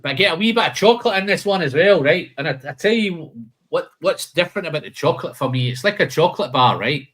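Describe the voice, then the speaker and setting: A man's voice: a little high, lively intonation, quick pace, fairly bright tone. A man hosting a live whisky tasting, listing flavour notes and chatting casually, calling people "man" and "mate".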